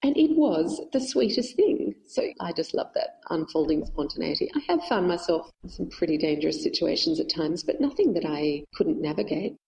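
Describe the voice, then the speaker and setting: A woman guest telling travel stories in a casual chat, animated and quick to laugh. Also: low voice, creaky, poor audio.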